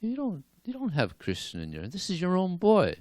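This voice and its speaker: A man voicing a kindly young mother who calmly reassures a flustered neighbor. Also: sits high, normal speed, dry recording, clean studio sound, pitched above the performer's own voice. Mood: soothing. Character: gentle soothing mother, young woman.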